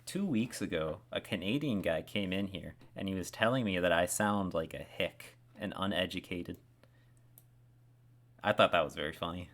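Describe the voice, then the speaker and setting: A man's voice: low voice, normal speed, fairly bright tone. A man casually chatting on a live stream while he learns a language. He chuckles often and repeats phrases aloud to try out accents.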